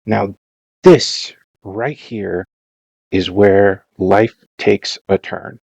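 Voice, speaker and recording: A man's voice: fairly low pitch, steady tone, drawn-out words, creaky, a little mellow, slightly rough, no room sound, muffled recording. A man narrating his own gameplay in a rambling, self-mocking, dramatized way, in a casual voice-over. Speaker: Minecraft let's-play narrator.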